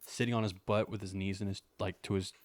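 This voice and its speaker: A man describing his character at a tabletop game, relaxed and hesitant with many fillers. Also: fairly low pitch, quick pace. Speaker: player.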